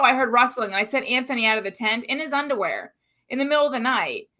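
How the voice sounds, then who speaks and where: Lively potty-mouthed woman telling a story, crisp bright voice. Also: on the high side, quick pace. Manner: animated, profane storyteller. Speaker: co-host. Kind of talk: casual live-stream chat. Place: Central Florida.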